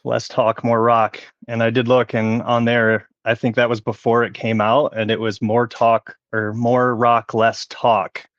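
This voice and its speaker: Wry, relaxed American man in a basement. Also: medium pitch, a little slow, few pauses, no room sound, dull audio. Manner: relaxed, wry, hesitant with fillers. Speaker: regular podcast guest. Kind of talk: casual chat. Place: unfinished basement at home. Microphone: headphones and mic on a video call.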